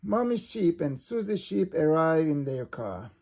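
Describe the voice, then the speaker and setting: Slow gravelly man reading a storybook. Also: on the high side, very animated, darkish tone. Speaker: storybook reader. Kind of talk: reading a children's storybook aloud.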